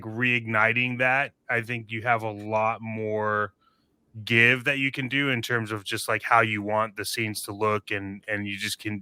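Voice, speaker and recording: A man co-hosting a podcast in casual group chat, quick and agreeable, often restarting sentences. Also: lowish voice, sharp tone, smooth, no room sound. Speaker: podcast co-host.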